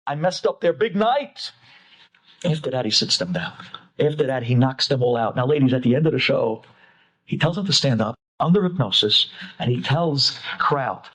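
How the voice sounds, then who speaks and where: A man, a rabbi, telling a story to an audience in an animated way and acting out the characters as he goes. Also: medium pitch, normal speed, husky, low-quality recording.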